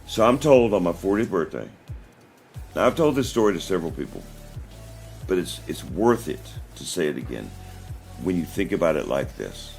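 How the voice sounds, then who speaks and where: Deep-voiced man rambling through a story. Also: very animated, moderate pace, gravelly, darkish tone, soft background music. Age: 40s. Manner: rambling storytelling with many restarts. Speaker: livestream host. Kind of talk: casual livestream chat.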